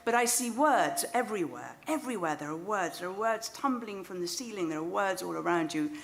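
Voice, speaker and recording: A woman's voice: mid-range voice, animated, fairly quick, vocal fry. A woman with a British English accent quoting an old female psychic who makes solemn, ominous pronouncements. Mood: prophetic.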